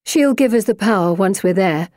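A woman voicing a fierce, proud teenage girl who turns dangerous, sharp and intense in manner. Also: mid-range voice, expressive, normal speed, no room sound, studio quality, close to an everyday voice. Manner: sharp and intense, growling when angry.

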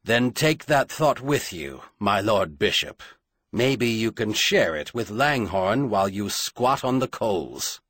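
A man voicing a cold, menacing imperial guardsman who speaks quietly and precisely in a deep, icy voice. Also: big pitch swings, takes it slowly, dry recording, heavily acted. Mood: coldly menacing. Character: cold, menacing male imperial guardsman, soft-spoken killer.

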